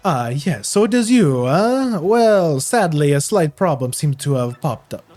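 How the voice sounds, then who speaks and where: A man's voice: a little high, big pitch swings, measured pace, a little mellow, soft background music. A man putting on a pompous Spanish-accented merchant. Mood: boastful. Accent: put-on Spanish. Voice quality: flamboyant, grandiose, dramatic. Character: pompous vain male merchant adventurer. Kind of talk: reading a game's dialogue aloud in character.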